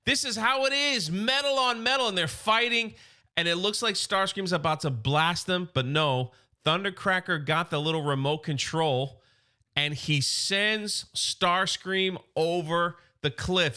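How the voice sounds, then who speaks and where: A man casually recapping a comic book story for his channel, excitable and loose, with quick asides. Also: high voice, smooth.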